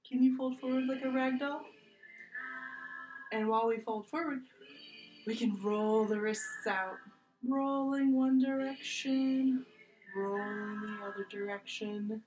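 Gentle playful preschool yoga teacher, woman. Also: on the high side, steady tone, a little slow, long pauses. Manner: gentle, playful, coaxing children along. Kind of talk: guided kids' yoga class. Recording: echoey room with faint music.

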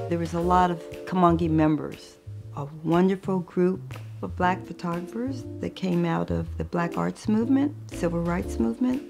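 An older woman photographer telling her life story in a thoughtful, unhurried way. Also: fairly low pitch, vocal fry. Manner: thoughtful, unhurried, with soft laughs. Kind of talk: reflective personal storytelling.

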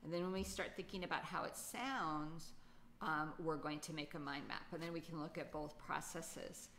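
A woman's voice: low-pitched, normal speed, fairly bright tone, slight background noise. A woman teaching a children's poetry lesson, patiently thinking aloud with many fillers. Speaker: writing teacher.

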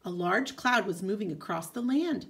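A woman teacher reading a folk tale aloud, expressive, with casual asides. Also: mid-range voice, normal speed, gravelly. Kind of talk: storybook read-aloud.

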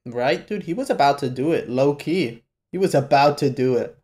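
A man hosting a live anime reaction, talking casually and profanely, with sudden loud exclamations at what he sees. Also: on the high side, lively intonation, moderate pace. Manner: casual slangy talk to the viewer. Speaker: reaction channel host.

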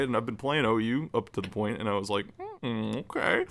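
Um homem que co-apresenta um podcast, em conversa descontraída, conta histórias com entusiasmo, ri muito e diz palavrões à vontade. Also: male voice, lowish voice, quick pace, gravelly, hardly any pauses, no echo. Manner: animated, laughing storyteller who swears freely. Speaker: podcast co-host. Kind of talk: casual chat.

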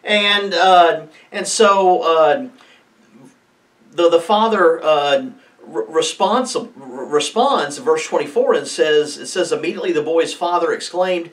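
A man's voice: a little high, takes it slowly, fairly bright tone, far from the mic. A man preaching a casual mid-week devotional, reading scripture aloud and talking it through with many fillers and restarts.

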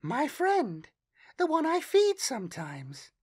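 A man's voice: very high-pitched, huge pitch swings, slow, darkish tone, no echo, studio quality, pitched above the performer's own voice, exaggerated voice. A man voicing an eerie, serene little girl with a light, airy, sing-song manner in an audiobook. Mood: dreamy.

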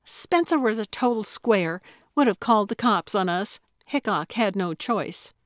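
A menacing woman criminal, voiced by a woman narrator, cold and contemptuous. She hisses her threats slowly, in a dry, close storybook recording. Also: mid-range voice, lively intonation, no echo, lightly acted. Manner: threatening, hissing.

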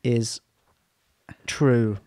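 A man's voice: medium pitch, fairly even intonation, drawn-out words, darkish tone, no echo. A young man hosting a podcast in casual chat, teasing and dry. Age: young adult. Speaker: podcast host.

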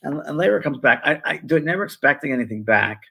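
Gravelly, husky older man, rambling storyteller. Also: fairly high pitch, expressive, fast talker, pushed and bright, poor audio. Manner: rambling, with many fillers and restarts. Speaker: co-host, spiritual medium. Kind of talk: casual conversational storytelling.

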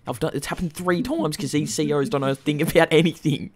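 A man's voice: on the high side, fast. A young man chatting and swearing casually while playing a role-play game. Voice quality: sweary, laughs often. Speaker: gaming streamer.

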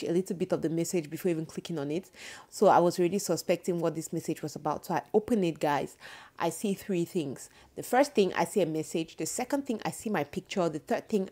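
A woman in her thirties telling a story to her viewers in a casual vlog, animated and indignant. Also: fairly low pitch, fairly quick. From Cameroon. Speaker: vlogger.

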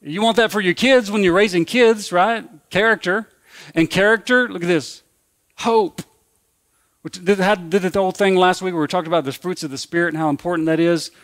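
A man's voice: high-pitched, normal speed. A man preaching a sermon as pastor, in a conversational, folksy way that repeats and restarts phrases.

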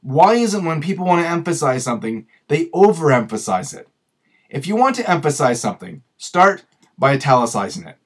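A man hosting a tutorial video, explaining patiently through examples and slowing down to stress key words. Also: fairly high pitch, sing-song. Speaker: grammar and communications video host.

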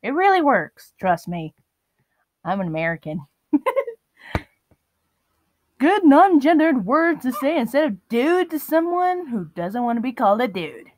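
A woman's voice: high-pitched, sing-song, a little slow, pauses often, dry recording. Giggly young woman reading internet posts. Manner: giggly, often breaks into laughter. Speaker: vlogger.

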